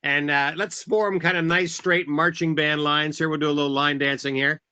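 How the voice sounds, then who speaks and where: A man's voice: fairly high pitch, steady tone, moderate pace, pushed and bright, clean tone. A man leading a group line dance as event facilitator, upbeat and calling out steps and counts over a video call.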